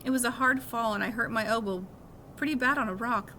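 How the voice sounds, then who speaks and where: Bright woman reading a novel aloud. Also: a little high, brisk, slight background noise. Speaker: reader of a novel.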